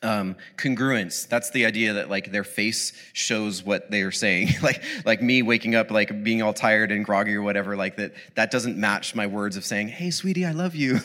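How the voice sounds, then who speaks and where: A man's voice: on the low side, pushed and bright. A man preaching a sermon in a casual, rambling way, with many fillers and restarts. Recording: long hall reverb.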